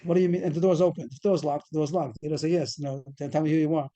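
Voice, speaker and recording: A man's voice: on the high side, fairly even intonation, racing, mellow. A man teaching a Talmud class over a video call, explaining a case step by step and quizzing the students. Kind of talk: fast Talmud study lecture.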